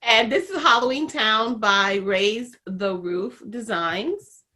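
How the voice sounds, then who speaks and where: Bright, slow-talking teasing woman. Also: a little high. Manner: teasing, playful asides. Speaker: cross-stitch podcast co-host. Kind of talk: casual chat.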